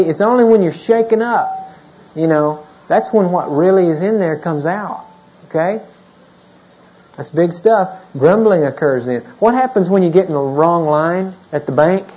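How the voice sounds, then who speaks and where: A man in his thirties delivers a sermon with a mellow, warm voice and a chatty way of preaching, tossing in "you know?" again and again. The sound is muffled and lo-fi, like an older tape of a church service. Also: fairly high pitch. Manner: conversational preaching with frequent "you know?" asides. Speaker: pastor.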